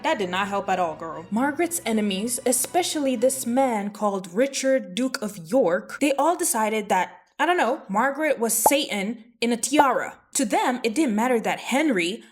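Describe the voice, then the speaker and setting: A woman host telling history in a casual, gossipy way, full of sassy, playful asides. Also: on the high side. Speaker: history vlogger. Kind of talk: casual chatty storytelling.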